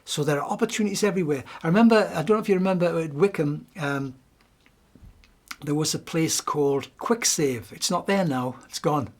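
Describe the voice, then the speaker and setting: A middle-aged man with a Geordie accent giving a gentle, reflective devotional talk, often restarting his sentences. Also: fairly high pitch, a little fast. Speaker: speaker giving a weekly message.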